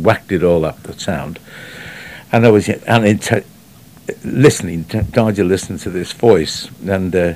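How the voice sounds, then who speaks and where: Rambling man, low voice. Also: a little mellow. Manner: rambling, anecdotal, trails off. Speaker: radio guest on classic actors. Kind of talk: casual radio chat.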